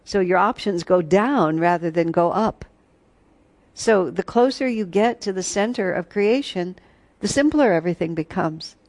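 A woman's voice: fairly low pitch, expressive, moderate pace, darkish tone. A woman teaching a retreat class, telling stories and breaking into snatches of song. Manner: storytelling, breaks into sung snatches and laughs. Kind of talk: spiritual class talk.

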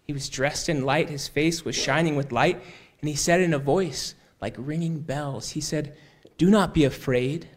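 A man telling a story aloud in an unhurried, conversational way, often repeating "he said" and restarting phrases. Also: a little high. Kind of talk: oral storytelling.

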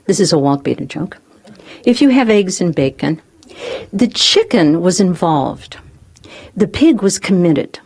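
A woman speaker telling a personal story to a live group, expressive and often laughing as she speaks. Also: fairly low pitch, unhurried, pauses often, slight background noise. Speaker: spiritual speaker.

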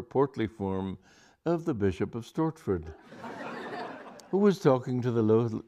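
A man's voice: fairly low pitch, warm tone. Amused man reading a comic story aloud. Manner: amused, chuckling, occasional stumbles. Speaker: reader.

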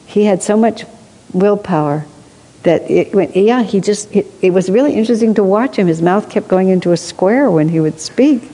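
A woman telling stories in a reflective spiritual discussion, thoughtful, with asides and soft laughs. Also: medium pitch. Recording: long hall reverb.

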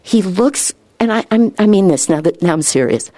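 A woman giving an informal spiritual talk, earnest and rambling, her voice lifting higher when she gets excited. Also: moderate pace, no room sound. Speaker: spiritual speaker.

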